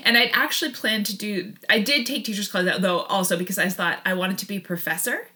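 A woman's voice: medium pitch, steady tone, a little fast, pushed and bright. A woman in her thirties, a podcast guest, telling a long personal story in a rambling, self-interrupting way with frequent laughs.

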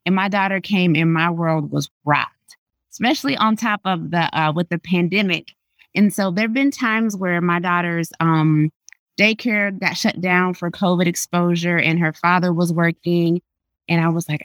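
A woman's voice: fairly low pitch, moderate pace, dry recording. A woman in her thirties, a pediatrician, sharing earnest, emphatic testimony as a podcast guest. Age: 30s. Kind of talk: faith podcast interview.

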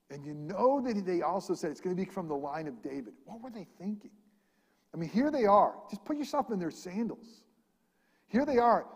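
Male pastor, sermon, high voice, dynamic delivery, long hall reverb. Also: husky. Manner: animated preaching, swinging between loud emphasis and quiet.

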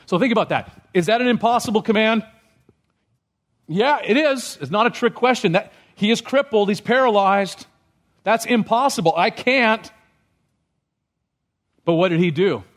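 A man's voice: sits high, lively intonation, normal speed. A man preaching a sermon as pastor, often checking in with the congregation with questions. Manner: asks the congregation questions, rising when stirred.

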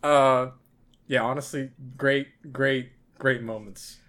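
A man's voice: mid-range voice, steady tone, slow pace, a bit bright. A man in casual podcast chat, laughing often, swearing freely and filling gaps with ums.

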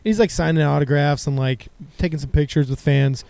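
A man chatting eagerly on a podcast. His voice is slightly high and gravelly with fry, and it is recorded dry and up close. He tells his story in quick, excited bursts. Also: no echo. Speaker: podcast co-host. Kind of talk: casual chat.

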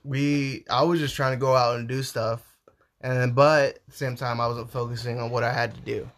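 A young man, the grown son, chatting casually with his family in a calm, reflective way, with hesitant restarts. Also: mid-range voice, brisk. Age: young adult.

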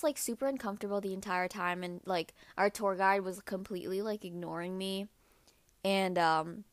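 A woman's voice: medium pitch, fairly bright tone, dry recording, studio quality. A young woman hosting a podcast, telling a story casually with lots of fillers and acted-out quotes. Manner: chatty, lots of "like" and "um", acts out quotes. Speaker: podcast host.

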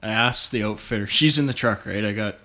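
A man from Canada telling hunting stories in casual talk, animated and swearing, acting out what people said. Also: lowish voice, a little fast. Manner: animated, swearing, acts out quotes. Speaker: guest hunter. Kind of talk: casual storytelling.

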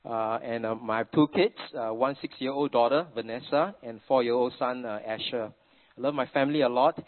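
A man's voice: medium pitch, moderate pace. Singaporean man preaching on a tinny line. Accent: Singaporean English. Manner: chatty storytelling sprinkled with Singlish particles. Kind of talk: sermon with family anecdotes. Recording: tinny phone-like sound.

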